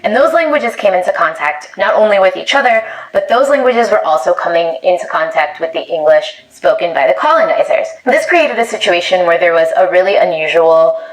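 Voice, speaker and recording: Woman linguist explaining things clearly, lowish voice, roomy echo. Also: expressive, fairly quick, few pauses. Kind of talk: scripted explainer.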